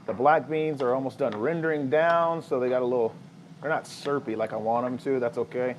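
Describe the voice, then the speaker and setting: Chatty dad cooking at home. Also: male voice, medium pitch, a little fast, slight background noise, poor audio. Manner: relaxed, chatty, talks to viewers while cooking. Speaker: family vlogger cooking. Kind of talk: casual cooking vlog chat. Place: home kitchen.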